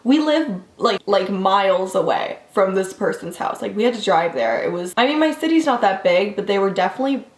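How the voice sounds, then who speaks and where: A young woman vlogger telling a casual story in a quick, chatty way, full of fillers, jumping up in pitch when she quotes people. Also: echoey room. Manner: animated voices when quoting people.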